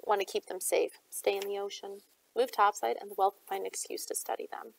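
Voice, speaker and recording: A woman's voice: medium pitch, level tone, fairly quick, vocal fry, distant mic, rough recording. A woman reading a harsh outlaw leader. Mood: soft, cold. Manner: curt, sarcastic commands. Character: gruff adult male outlaw leader, cold and harsh.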